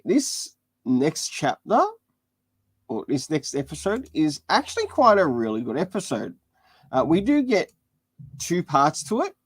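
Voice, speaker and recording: Giggly slow-talking livestream host. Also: mid-range voice, husky, no room sound. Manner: giggly, laughs often while reading. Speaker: livestream host reading a webcomic. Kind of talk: casual read-along commentary.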